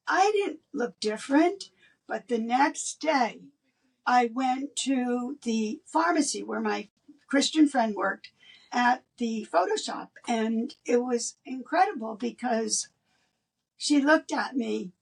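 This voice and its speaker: An older woman, a guest in an interview, telling a personal story in an animated way and laughing between lines. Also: fairly high pitch, slow pace, husky, recorded from a distance.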